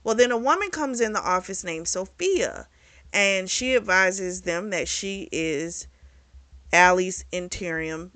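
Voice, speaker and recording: Bright, chatty, profane book reviewer. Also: mid-range voice, lively intonation, unhurried, no echo. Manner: candid and profane, chatty storytelling. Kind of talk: casual book review retelling a plot.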